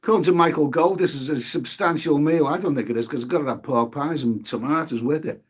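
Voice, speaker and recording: A man's voice: on the high side, fast talker, a little hiss or hum. A man chatting casually on a live stream, eating as he talks and reading viewer comments aloud. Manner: chatty, eats while talking, swears mildly, reads viewer names aloud.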